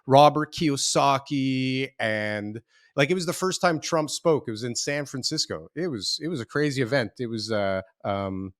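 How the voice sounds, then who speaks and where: A man's voice: mid-range voice, fairly bright tone, dry recording, clean studio sound. A man in his forties, a real estate developer and interview guest, telling his story in a rambling, self-deprecating way with many restarts. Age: 40s.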